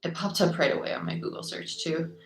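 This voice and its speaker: A woman's voice: on the low side, a little fast, gravelly, reverberant, low-quality recording. A young woman chatting casually with viewers during a tarot livestream, bubbly and rambling, her voice a little worn as if she is losing it.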